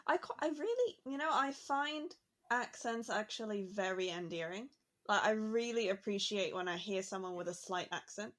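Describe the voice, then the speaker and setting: A woman chatting on a podcast in a mid-pitched, everyday voice. She thinks out loud, and her sentences are sprinkled with "like" and "you know." The tone stays conversational and unhurried. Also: lively intonation. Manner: chatty, musing, frequent "like" fillers.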